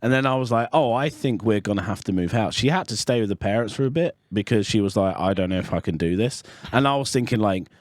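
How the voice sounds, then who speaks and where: A man's voice: medium pitch, fast talker, few pauses, no room sound, clean studio sound. A man co-hosting a podcast, telling rambling personal stories in casual chat. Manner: chatty, rambling storyteller with restarts. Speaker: podcast co-host.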